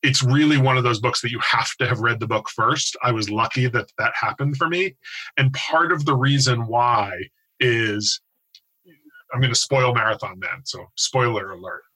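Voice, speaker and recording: Casting: American man, 40s, bright tone, animated storyteller in casual podcast talk. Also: medium pitch, moderate pace, slightly rough, rough recording. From United States. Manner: animated, self-deprecating storyteller. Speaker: podcast co-host.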